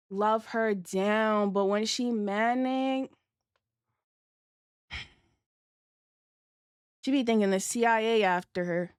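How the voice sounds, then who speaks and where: A young adult woman chats to her livestream viewers in a loose, slangy storytelling voice, cursing freely and laughing through it. Her pitch sits in an ordinary middle range. The sound is dry, with no room in it. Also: a little slow, long pauses, clean tone, dry recording. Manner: slangy, profane, laughing as she tells the story. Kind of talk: casual storytime chat with viewers.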